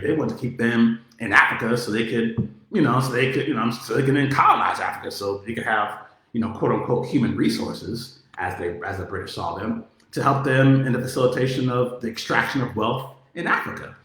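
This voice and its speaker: A man speaking at an average pitch, talking in a casual monologue that is animated and full of profanity. He leans heavily on filler words as he goes. His voice bounces around a very echoey room. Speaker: political commentator.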